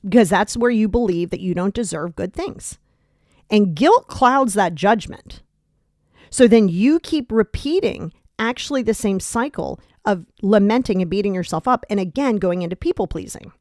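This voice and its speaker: Woman, self-help podcast host, blunt, emphatic, casual swearing, medium pitch, dry sound. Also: expressive, normal speed, darkish tone, dry recording. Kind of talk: motivational self-help talk.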